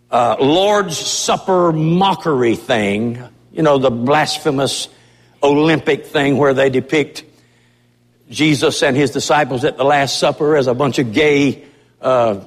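High-voiced fervent preacher in a reverberant church. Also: male voice. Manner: impassioned, emphatic preaching. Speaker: pastor. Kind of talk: sermon. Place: church sanctuary. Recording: long reverb of a church hall.

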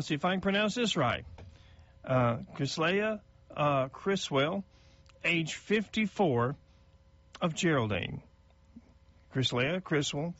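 Folksy radio host, lively pitch. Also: male voice, no room sound, muffled recording. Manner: folksy, chatty, stumbles over names. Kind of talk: casual radio announcements.

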